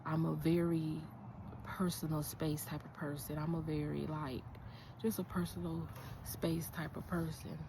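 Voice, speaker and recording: Low-voiced woman vlogging in a park. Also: little pitch movement, measured pace, noisy background. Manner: rambling, repeats herself, drops to a whisper when people pass. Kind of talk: casual vlog talk to camera. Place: outdoors in a park.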